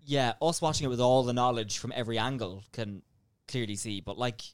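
Male co-host, mid-range smooth voice, quick asides, dry close sound. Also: mid-range voice, steady tone, dry recording. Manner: adds quick asides and agreement. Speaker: podcast co-host. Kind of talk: casual chat.

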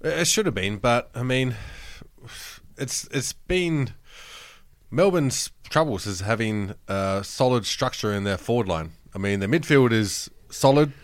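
A man's voice: medium pitch, expressive, measured pace, no room sound. An Australian man co-hosting a sports podcast in casual chat, swearing freely and rambling through anecdotes. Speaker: podcast co-host.

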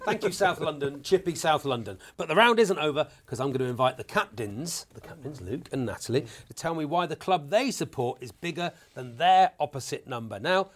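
A man's voice: a little high, expressive, brisk, hardly any pauses. A man hosting a comedy football quiz, playful and teasing toward his guests. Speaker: quiz show host.

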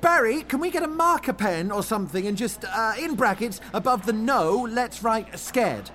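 A man's voice: high-pitched, lively intonation, normal speed, pushed and bright. An actor playing a fussy, theatrical film director who coaxes his cast with "darling" and "love" in a comedy audio drama. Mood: patient.

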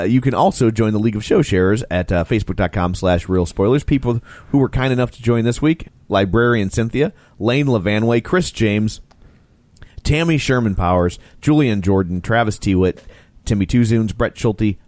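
A man co-hosting a podcast in casual chat, with deadpan, dark humor. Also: on the low side, moderate pace, no room sound. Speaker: podcast co-host.

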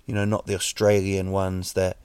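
A man hosting a podcast, delivering a rambling, wry comic monologue full of halting restarts. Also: low voice, completely flat delivery, a little mellow, clean tone, no echo. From New Zealand. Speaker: podcast host.

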